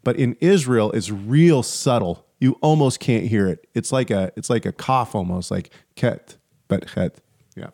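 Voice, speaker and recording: A man's voice: lowish voice, normal speed, creaky, few pauses, warm tone, dry recording, studio quality. A man co-hosting a faith podcast, chatting casually and telling stories with lots of fillers and restarts. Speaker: podcast co-host.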